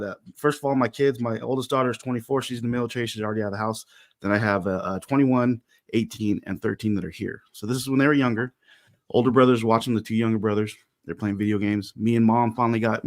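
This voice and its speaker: Animated man in his forties, dry sound. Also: lowish voice, no room sound. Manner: animated storyteller, acts out voices. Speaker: podcast co-host. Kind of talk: casual chat, storytelling.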